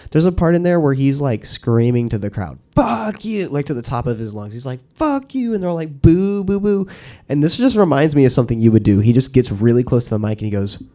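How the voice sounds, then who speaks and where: A man's voice: medium pitch, lively intonation, fast, few pauses, dark tone. A man co-hosting a podcast in casual chat, loose and laughing, with frequent swearing. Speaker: podcast co-host.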